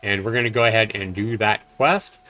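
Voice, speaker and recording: A man's voice: lowish voice, brisk, bright, forceful tone. A man doing casual live commentary while playing a game, chatty and loose with fillers. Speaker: game streamer. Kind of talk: live let's-play commentary.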